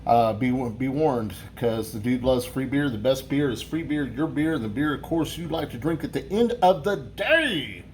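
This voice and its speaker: A man's voice: mid-range voice, lively intonation, moderate pace, hardly any pauses, slight background noise. Casual, rambling man reviewing beer. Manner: rambling and casual, swears, many restarts.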